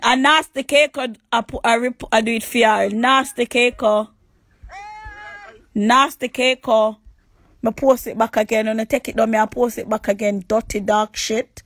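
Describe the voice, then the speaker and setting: A woman with a Jamaican accent ranting on a phone livestream, crude and taunting, repeating insults and sometimes shouting. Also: a little high, fairly even intonation, a little slow, no echo. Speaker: livestream host. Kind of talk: angry livestream rant.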